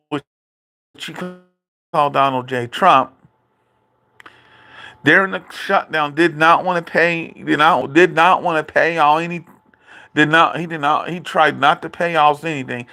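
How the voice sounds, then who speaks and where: A man rants slowly and deliberately in a commentary vlog, circling back to the same points again and again. His voice sits fairly high and has a bright, forceful edge. He sounds indignant and addresses his father directly. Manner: repetitive, indignant, talks straight to his father. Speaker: video creator. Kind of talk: ranting political commentary vlog.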